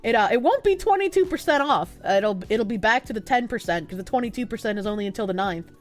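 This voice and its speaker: A woman's voice: fairly high pitch, lively intonation, fast talker, faint music behind. Giggly stuffy-nosed woman streamer. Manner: soft-spoken, not loud, giggly, swears casually. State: stuffy nose. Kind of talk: casual live-stream chat, reading chat messages aloud.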